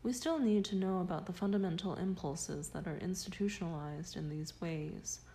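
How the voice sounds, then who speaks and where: A woman narrating a scholarly nonfiction audiobook in a measured, deliberate manner. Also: lowish voice, dark tone, slight background noise, poor audio. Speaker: audiobook reader.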